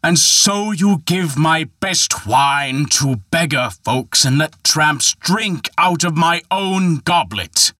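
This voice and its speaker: A man's voice: a little high, lively intonation, takes it slowly, few pauses, no echo, studio quality, voice pushed up, full character voice. A man voicing a cruel, furious rich man with a heart of stone. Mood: angry. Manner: shouting, bitter.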